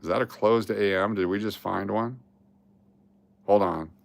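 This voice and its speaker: A man talking through a coin roll hunt at his table, muttering to himself, getting excited at finds and groaning at misses. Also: on the low side, measured pace, creaky. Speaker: coin roll hunting host. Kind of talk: casual coin-hunting commentary.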